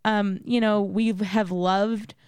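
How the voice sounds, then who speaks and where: A woman's voice: mid-range voice, steady tone, takes it slowly, darkish tone, smooth, no room sound. A woman from Texas co-hosting a podcast in a chatty, giggly casual conversation. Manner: giggly, chatty, lots of fillers. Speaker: podcast co-host. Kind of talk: casual chat.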